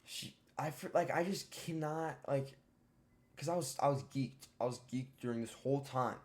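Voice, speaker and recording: A man's voice: medium pitch, moderate pace, a little mellow. A teenage boy streamer telling a story casually, profane and rambling with lots of fillers. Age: teens.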